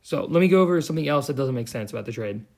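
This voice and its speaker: A man's voice: mid-range voice, lively intonation, racing, gravelly, a little mellow. A young man giving a heated, profane, sarcastic commentary rant as a vlogger. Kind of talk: ranting commentary.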